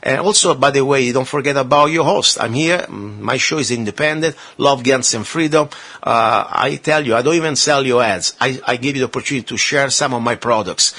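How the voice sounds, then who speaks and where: A man's voice: mid-range voice, brisk, pushed and bright. A male talk radio host interviewing a guest and making earnest, persuasive appeals to his listeners.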